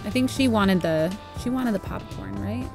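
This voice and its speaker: A woman's voice: mid-range voice, moderate pace, gravelly. A woman in her thirties playing a video game with giggly, chatty commentary. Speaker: gaming YouTuber. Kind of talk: let's play commentary. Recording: commentary over game music.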